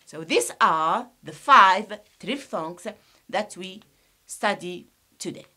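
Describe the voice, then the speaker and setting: Speaking in a mid-range voice with lively intonation and a pushed, bright quality, a woman from Algeria leads an English pronunciation class. She takes it slowly and deliberately, repeating sounds for her students and explaining some things in Arabic.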